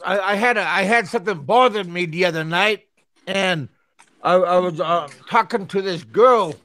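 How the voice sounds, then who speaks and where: A man's voice: high voice, moderate pace, sharp tone. A man hosting his own show, telling a story in casual chat and stumbling over his words, repeating them as he goes. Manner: talks back to chatters who interrupt him. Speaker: show host.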